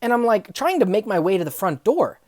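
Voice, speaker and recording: A young woman telling funny workplace stories, acting out the people in them and swinging from hushed asides to loud outbursts. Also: mid-range voice, a little fast, dry recording, clean studio sound. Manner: animated, acts out dialogue, swings from hushed to yelling. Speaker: storyteller. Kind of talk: comedic storytelling vlog.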